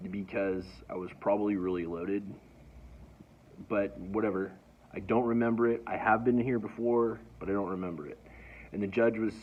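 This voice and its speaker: A man's voice: lowish voice, slight background noise. A man telling a personal story in a casual, rambling way, often stammering and restarting. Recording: dull lo-fi recording.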